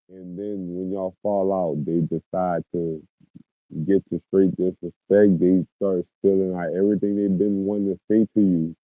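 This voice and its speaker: A man's voice: low-pitched, no echo, phone-quality sound. A man hosting a podcast in casual, profane talk, looping back over his words and restarting phrases as he goes. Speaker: podcast host.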